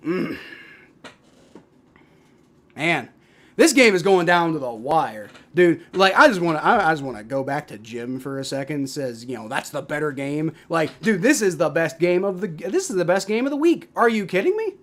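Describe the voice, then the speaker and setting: A young man hosting a live football stream, mixing play-by-play calls with casual, profane replies to his chat, loud on big plays and mumbling in between. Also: fairly high pitch, lively intonation, moderate pace. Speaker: livestream host doing play-by-play.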